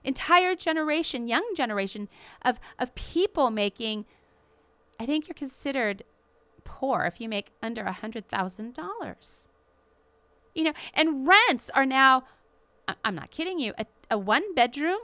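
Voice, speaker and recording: A woman hosting a show, delivering an impassioned, indignant commentary with emphatic, drawn-out stresses. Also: a little high, lively intonation, pushed and bright, dry recording. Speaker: radio show host.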